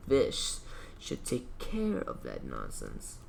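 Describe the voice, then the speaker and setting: A man voicing a scheming, smooth-talking male union boss in a game let's-play, speaking slowly and in a deliberately reassuring way. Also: medium pitch, huge pitch swings, slight background noise, exaggerated voice. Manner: slow, oily, deliberately reassuring.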